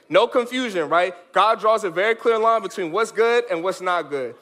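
A man preaching a lively sermon for children, animated and emphatic, with big swings from high to low. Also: unhurried, few pauses. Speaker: children's pastor. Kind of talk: sermon for kids.

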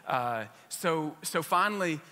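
A man's voice: a little high, animated, takes it slowly, pushed and bright, in a large hall. A male pastor giving a sermon, telling a personal story with humor and frequent restarts. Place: church sanctuary.

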